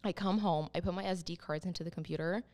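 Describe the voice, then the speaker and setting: A woman, a wedding photographer and podcast guest, telling stories in an animated way and acting out what people said. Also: fairly low pitch, fast talker. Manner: animated storyteller, acts out quotes. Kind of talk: casual podcast chat.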